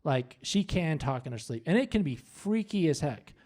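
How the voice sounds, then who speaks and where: Man, stand-up host, high voice, very lively pitch, punchy joke delivery, club laughter from far off. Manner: animated, punchy joke delivery with quick asides to the crowd. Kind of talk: stand-up comedy set. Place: comedy club. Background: audience laughter.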